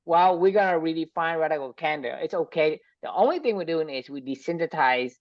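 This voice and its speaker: A woman's voice: deep voice, expressive, fairly quick, no echo. Blunt woman podcast co-host, lo-fi sound. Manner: emphatic and blunt, swears freely. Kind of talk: casual podcast chat.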